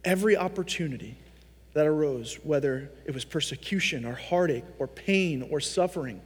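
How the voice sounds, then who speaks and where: High-voiced pastor preaching in a reverberant hall. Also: male voice, normal speed, slightly rough. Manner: animated storytelling, acting out quoted voices. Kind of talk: sermon.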